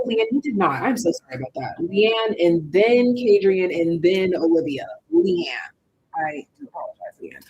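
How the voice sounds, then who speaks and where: A tarot reader on a live stream, talking lively and sassy straight to viewers and calling them baby and darling, jumping between high and low. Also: moderate pace, slightly rough, poor audio.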